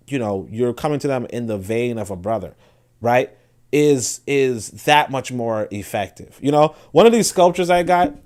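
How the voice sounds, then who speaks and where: A man hosting a casual livestream, speaking to viewers in a rambling, conversational way, with frequent restarts and asides. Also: mid-range voice. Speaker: host.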